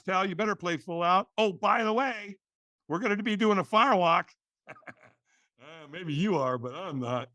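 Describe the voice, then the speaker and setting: On a podcast, a middle-aged male guest recounts a personal story with energy, performing the voices in the quotes and frequently restarting words. His voice is high, and the studio-quality sound carries no echo.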